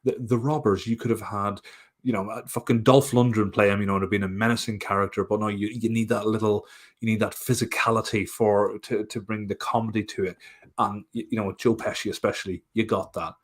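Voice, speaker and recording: A man co-hosting a film podcast in casual chat, animated, laughing often and swearing casually. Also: on the low side, brisk. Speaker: podcast co-host.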